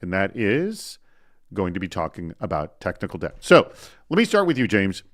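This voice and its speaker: A man hosting a live online talk show, chatty and energetic as he runs through announcements and introduces guests. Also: low voice, moderate pace, no room sound.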